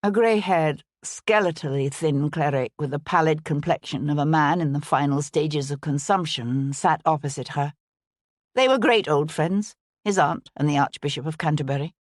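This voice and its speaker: A woman narrating an audiobook in an even, measured reading style. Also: low voice, dry recording, studio quality. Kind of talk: scripted narration.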